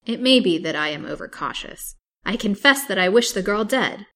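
A woman's voice: medium pitch, lively intonation, moderate pace, a bit bright. A woman voicing a stubborn, fierce old woman, a wicked wife who plots murder with grim resolve. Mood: persistent.

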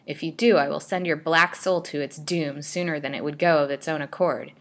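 A woman's voice: low voice, steady tone, fairly quick, a bit bright. A woman reading aloud voices a stern, commanding middle-aged male doctor in a storybook. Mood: threatening. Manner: harsh threatening tone toward the old woman.

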